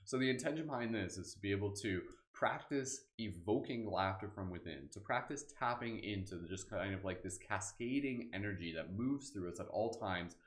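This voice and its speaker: A man leads a live guided meditation in a low, relaxed voice. He talks casually, with plenty of "like" and "kind of" as he walks listeners through breathing. The sound carries a noticeable room echo. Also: moderate pace, hardly any pauses. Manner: relaxed, affirmations and laughter breathing. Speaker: meditation host.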